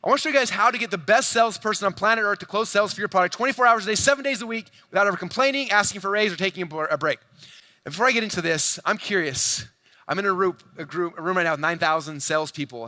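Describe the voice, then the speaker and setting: A man giving a high-energy sales presentation to a large live audience, addressing the crowd directly in a playful, energetic way. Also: very fast, dry recording. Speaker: speaker at a sales event. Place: large event hall, speaking to a crowd.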